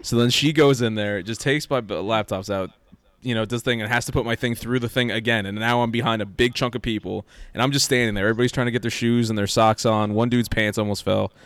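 A man in casual podcast chat, telling an animated story and acting out what people said. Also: lowish voice, fast, hardly any pauses, no echo. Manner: animated storyteller, acts out quoted lines.

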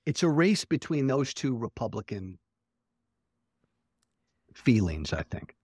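A man's voice: medium pitch, very animated, takes it slowly, darkish tone, breathy edge, no echo, clean studio sound. A man speaking as a guest in a casual political chat, blunt and profane, laughing often.

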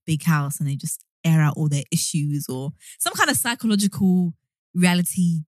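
A woman's voice: deep voice, normal speed, darkish tone, no room sound. A young woman co-hosting a podcast in casual chat, teasing, laughing often and talking with plenty of fillers. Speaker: podcast co-host.

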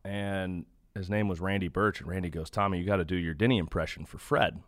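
A man's voice: low-pitched, steady tone, brisk, a bit bright, no room sound, studio quality. A young man, a baseball broadcaster, telling stories in an earnest, self-deprecating way as a guest. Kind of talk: conversational storytelling.

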